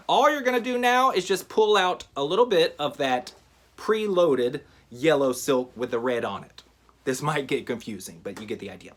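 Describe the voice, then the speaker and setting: A man teaching a magic trick in a relaxed, chatty how-to style, with frequent fillers. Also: a little high. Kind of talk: casual how-to tutorial.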